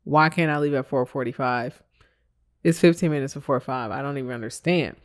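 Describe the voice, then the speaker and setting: A podcast host telling a work story in a casual monologue, animated and emphatic, laughing often and tossing blunt asides at listeners. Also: mid-range voice, brisk.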